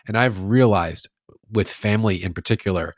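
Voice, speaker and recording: A middle-aged man with a low, deep voice speaks as a guest in a podcast conversation. He sounds reflective and measured, often restarting his sentences. The recording is dry, with no room sound. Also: no room sound. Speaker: guest, sales author. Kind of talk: casual conversational interview.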